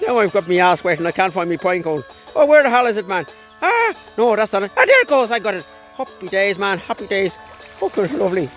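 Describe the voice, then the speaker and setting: A scrappy, tough-talking young male dog with a thick Irish accent, as his owner puts him on, calling everyone "man" between shouts. The voice is pushed well above a grown man's usual pitch, loud and jumpy, caught on a phone out in the open. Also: big pitch swings, brisk, soft background music. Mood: cocky. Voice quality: brash, foul-mouthed, says "man" a lot. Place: outdoors on a farm by a pond. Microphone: handheld phone.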